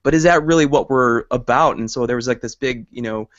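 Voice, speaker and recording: Male podcast host, mid pitch, rambling casual chat, dry lo-fi audio. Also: fairly quick, no room sound. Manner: chatty, laughs easily, filler-heavy.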